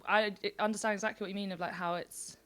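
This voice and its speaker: Relaxed woman hosting a radio show. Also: mid-range voice, fast talker. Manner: relaxed, encouraging, with short fillers. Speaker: radio host. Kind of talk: casual radio chat.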